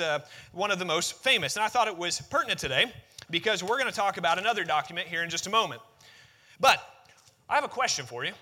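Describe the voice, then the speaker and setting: A man's voice: sits high, pushed and bright. A man preaching a sermon to a congregation into a microphone, reading scripture and then talking conversationally, asking the room questions. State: out of breath after reading. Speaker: pastor. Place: church sanctuary with congregation.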